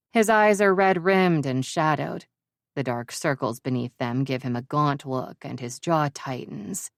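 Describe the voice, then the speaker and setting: A woman narrating a first-person romance audiobook in a wry, even-toned storytelling manner. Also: sits low, a little slow, no room sound, clean studio sound.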